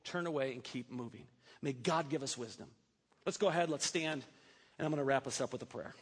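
A male pastor preaching a sermon in a church, animated and breaking in with joking asides. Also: medium pitch, brisk, breathy edge. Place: church sanctuary. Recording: long hall reverb.

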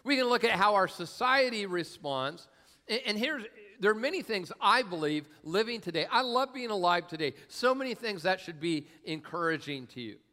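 A male pastor preaching in a relaxed, conversational way, with humor and plenty of fillers. His voice is bright and a little high. It rings with the long reverb of a large hall. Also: moderate pace. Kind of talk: sermon.

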